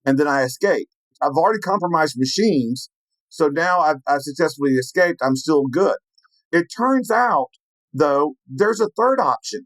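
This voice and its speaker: A man telling a story in an animated way, acting out the lines of the people in it. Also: a little high, normal speed, no echo, low-quality recording. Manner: lively, acts out quoted lines in his story. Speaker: penetration tester telling a story.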